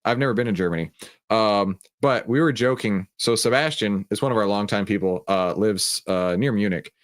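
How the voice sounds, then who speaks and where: Hosting a live stream at normal speed in a lowish voice, a Texan-accented man keeps things laid-back and jokey. He greets chat viewers by name as he goes.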